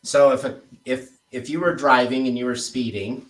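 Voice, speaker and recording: A man talking through sales scripts with a trainee in a relaxed, conversational way. He speaks at an ordinary middle pitch. The recording sounds roomy, with a noticeable echo. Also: normal speed, few pauses, far from the mic. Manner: relaxed, demonstrates tone with example phrases. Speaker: sales coach. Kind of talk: casual one-on-one coaching.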